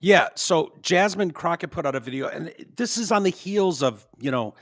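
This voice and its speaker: A man hosting a podcast in casual chat, halting with fillers and frequent throat-clearing. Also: a little high, expressive, no room sound, studio quality. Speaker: podcast host.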